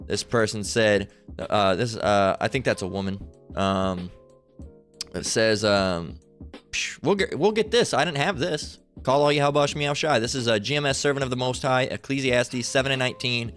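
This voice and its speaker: A man's voice: mid-range voice, fairly quick, a bit bright, clear, resonant tone, soft background music. Heated, profane man ranting. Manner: quotes scripture. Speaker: online commentator. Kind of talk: angry reaction commentary.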